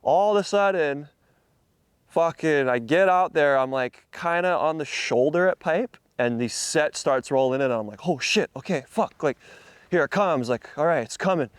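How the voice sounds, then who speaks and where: Laid-back young surfer man, smooth voice. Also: a little high, moderate pace, no room sound. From Hawaii. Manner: laid-back surfer slang, swears a lot, excitable retelling. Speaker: surfer interviewee. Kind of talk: casual storytelling.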